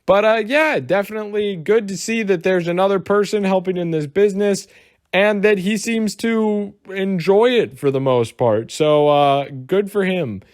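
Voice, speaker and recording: A man's voice: sits high, normal speed, no room sound, clean studio sound. A man from the United States giving casual, rambling reaction commentary and swearing freely. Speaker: commentary YouTuber.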